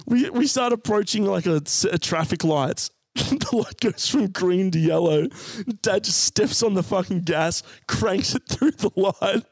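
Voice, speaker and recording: An Australian man in his twenties telling a funny story on a podcast, animated and laughing as he goes. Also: high voice, measured pace, no echo, studio quality. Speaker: podcast co-host. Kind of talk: comic storytelling.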